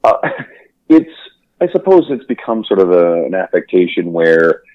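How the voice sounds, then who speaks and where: A man co-hosting a podcast in casual chat, enthusiastic and quick to laugh, swearing freely. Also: deep voice, big pitch swings, dry recording, dull audio. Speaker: podcast co-host.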